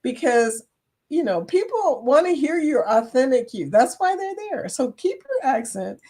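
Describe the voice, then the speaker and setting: A woman's voice: high-pitched, big pitch swings, measured pace, mellow. A middle-aged woman hosting a casual live chat, reading viewer comments aloud, chatty and silly and laughing often. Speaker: livestream host.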